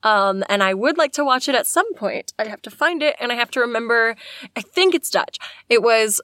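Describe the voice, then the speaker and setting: A woman's voice: fairly high pitch, expressive, fairly quick, sharp tone, dry recording, studio quality. A woman co-hosting a casual podcast, rambling with wry, self-deprecating jokes. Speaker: podcast co-host.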